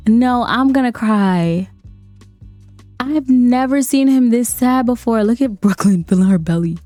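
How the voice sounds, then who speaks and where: A woman narrating her game in a chatty, expressive way, talking to her viewers as y'all. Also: on the high side, unhurried, no room sound, soft background music. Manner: expressive, gasping and fretting over the characters. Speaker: gaming creator narrating her gameplay. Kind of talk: casual gameplay commentary.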